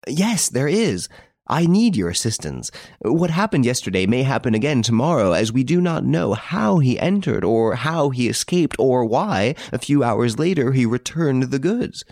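A man voicing an excitable, effusive middle-aged French château owner who pleads anxiously. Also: mid-range voice, fast talker, gravelly, hardly any pauses, no room sound, clean studio sound, pitched above the performer's own voice. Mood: pleading.

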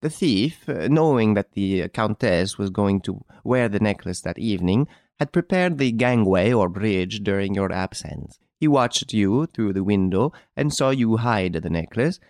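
A man reading an audiobook, voicing a calm, clever chevalier who explains a theft in a smiling, deliberate way. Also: fairly low pitch, no room sound, clean studio sound.

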